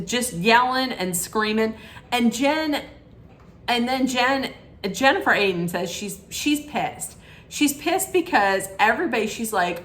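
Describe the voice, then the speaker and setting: A woman's voice: mid-range voice, fairly bright tone. A woman recapping reality TV in a casual, gossipy, sassy way from home, with plenty of fillers.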